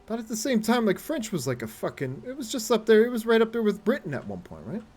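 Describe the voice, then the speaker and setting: A man's voice: high-pitched, wildly swooping pitch, fast talker, darkish tone, breathy edge. Swearing, laughing man streaming a game. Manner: rambling, swears freely, laughs often, talks to chat. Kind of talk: casual live-stream chat while gaming.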